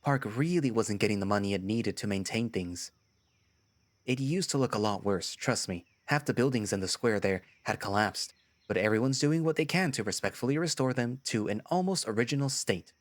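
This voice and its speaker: A man's voice: fairly low pitch, animated, moderate pace, no echo, lightly acted. A man voicing a friendly male shepherd dog who works as a park ranger, talking in an easygoing, explaining way. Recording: music playing behind.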